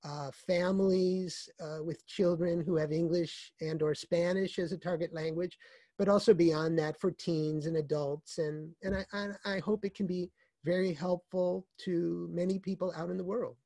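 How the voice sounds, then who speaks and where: A man being interviewed as an author, speaking in a measured, explanatory way that often restarts phrases. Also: high voice, fairly even intonation, mellow, no room sound. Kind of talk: conversational interview.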